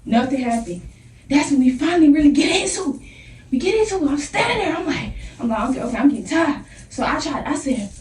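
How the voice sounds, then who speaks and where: A young woman in a casual storytime vlog, animated and slangy, acting out the scenes as she talks. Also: high voice. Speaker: vlogger. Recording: echoey room, voice from a distance.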